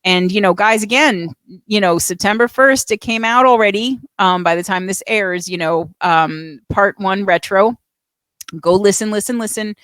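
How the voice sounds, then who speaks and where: A woman hosting an interview show, chatty and expressive, laughing often. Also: medium pitch, moderate pace, no room sound. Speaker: host. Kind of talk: casual interview chat.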